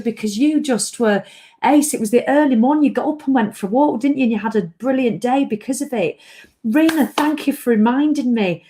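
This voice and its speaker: A woman's voice: fairly high pitch, a little fast. Lady chatting live to her viewers, bubbly and reacting to comments. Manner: chatty, lively, reads out comments. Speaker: livestream host. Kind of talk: casual live chat to viewers.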